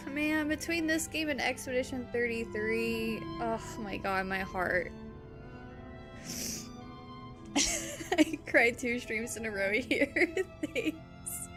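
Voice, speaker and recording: A woman's voice: fairly high pitch, fairly bright tone. A woman game streamer talking to her chat in a casual, gushing and emotional way.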